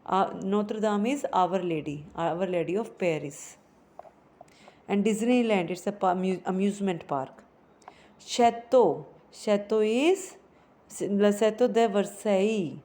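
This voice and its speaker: A woman teaching a French lesson, explaining slowly and repeating phrases for her students. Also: medium pitch, mellow.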